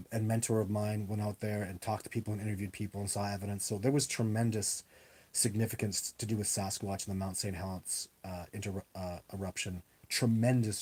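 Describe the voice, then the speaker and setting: A man with a low-ish, slightly mellow voice speaks straight into a webcam on a live stream, fielding viewer questions one after another. He rambles and repeats himself for emphasis, giving it the loose, casual feel of an online Q&A.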